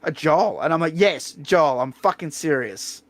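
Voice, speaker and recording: An Australian man hosting a stream, telling a story in a blunt, profane, animated way. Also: a little high, unhurried, no room sound. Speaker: streamer host. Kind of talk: casual storytelling chat.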